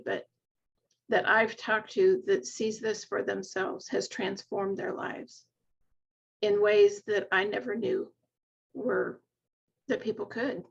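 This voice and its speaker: A woman's voice: medium pitch, vocal fry, husky, lo-fi sound. A middle-aged woman, a nurse coach, speaking in an earnest, heartfelt way and retelling stories of her patients in a reflective conversation. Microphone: video call.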